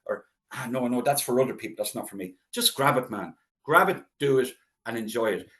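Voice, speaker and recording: A middle-aged Irish man, a local historian, telling anecdotes in a relaxed interview and acting out the voices of people he quotes. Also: mid-range voice, brisk. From Ireland. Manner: chatty anecdotal storyteller, acts out quoted voices. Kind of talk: casual storytelling interview.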